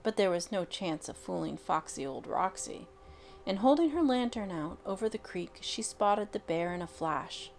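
Gravelly-voiced woman reading a storybook aloud. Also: lowish voice, faint music behind. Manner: expressive, unhurried reading with dramatic pauses.

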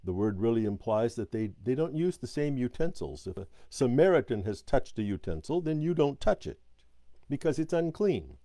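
A man leading a Sabbath School class, reading a scripture passage aloud in a measured way and stopping to explain it, now and then correcting his own slips. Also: mid-range voice, very animated, warm tone, no room sound.

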